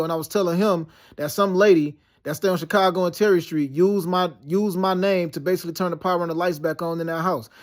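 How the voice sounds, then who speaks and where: A man with a notably high speaking voice talks in a loose, rambling monologue. He circles back on himself with restarts, fillers and street slang like "yo" as he tells his story. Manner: slangy, peppered with "yo" and "you know what I'm saying". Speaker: vlogger recounting dreams and past events.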